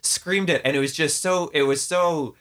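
A man's voice: on the high side, fairly even intonation, moderate pace, a bit bright. A young man speaking as a guest in a heartfelt conversation, reflective and rambling, with many filler words.

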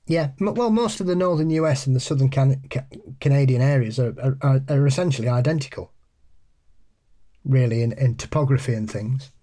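A man co-hosting a podcast in casual chat, halting and repeating his words, often laughing. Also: mid-range voice, dark tone. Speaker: podcast co-host. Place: pub.

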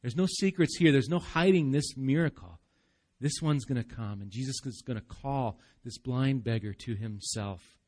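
A man preaching a live church sermon, animated, acting out voices in the story and dropping soft for emphasis. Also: medium pitch, normal speed. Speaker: pastor.

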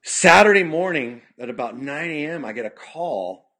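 Telling a long story as a podcast guest, a punk musician from California acts out quotes and leans on "you know" fillers. His voice is fairly high, expressive, pushed, bright and husky, at a moderate pace, recorded on a podcast studio mic.

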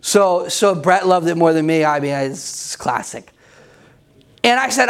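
A man's voice: fairly high pitch, animated, moderate pace, clean tone. A middle-aged male pastor preaching an emphatic, conversational sermon with self-deprecating humor.

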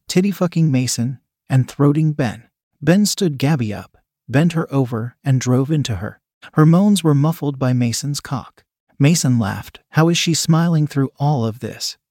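Male narrator, steady read-aloud, mid-pitched, dry close sound. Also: no echo. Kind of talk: scripted narration of an adult story.

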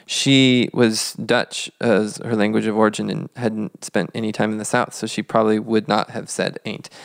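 A man's voice: fairly low pitch, flat delivery, moderate pace, gravelly, no echo, studio quality. A man co-hosting a casual history podcast, talking thoughtfully with rambling restarts. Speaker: podcast co-host.

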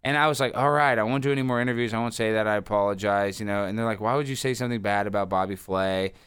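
A man in his thirties, a guest telling rambling, animated stories with lots of fillers. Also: fairly low pitch, fast talker, clear, resonant tone, dry recording. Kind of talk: casual interview storytelling.

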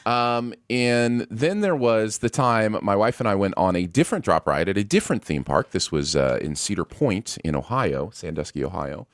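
Middle-aged male co-host, low-pitched, dry close mic, easygoing storyteller. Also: moderate pace, few pauses, no echo. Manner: relaxed storyteller. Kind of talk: casual podcast storytelling.

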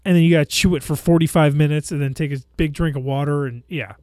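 A man in casual chat as a podcast co-host, relaxed and rambling, with dry jokes. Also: on the high side, fast talker.

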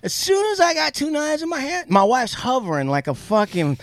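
A man co-hosting a podcast, telling a profane, animated story in casual chat. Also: very high-pitched, a little fast, no room sound. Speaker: podcast co-host.

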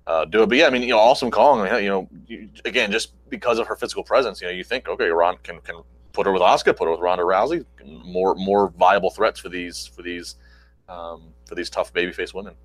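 A man co-hosting a casual wrestling chat, quick and halting with many restarts. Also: low-pitched, no echo, rough recording. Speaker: wrestling podcast co-host.

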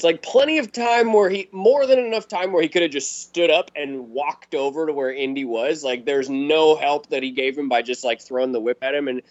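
A man in casual podcast chat, telling a story in a lively, profane way and laughing often. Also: high voice. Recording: dull lo-fi recording.

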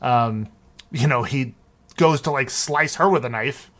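A man recaps a film in casual podcast chat. His delivery is loose and rambling, full of fillers and restarts, at a middling pitch. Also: measured pace, a bit bright. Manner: rambling, lots of ums and restarts. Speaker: podcast co-host.

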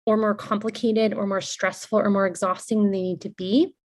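A woman's voice: mid-range voice, level tone, a little fast. A woman co-hosting a podcast who speaks in an earnest, reflective way. Her talk is loose and conversational. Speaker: podcast co-host. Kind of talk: casual chat.

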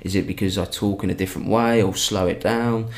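Chatty man, lowish voice. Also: fairly even intonation, fairly quick. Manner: chatty, rambling, many restarts and fillers. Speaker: comedian guest. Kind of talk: casual storytelling in a podcast chat.

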